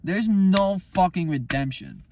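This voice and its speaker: A man's voice: high voice, very animated, a little slow, gravelly, a little mellow, a little hiss or hum. A man, a musician, talking about his album in a casual, profane, heated rant. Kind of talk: casual unscripted monologue.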